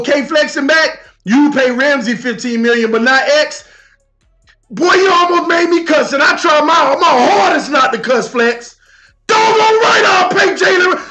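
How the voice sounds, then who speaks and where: A man hosting a livestream sports talk show, animated and shouting as he argues with his chat. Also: extremely high pitch. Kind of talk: heated casual livestream rant. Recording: echoey room with faint music.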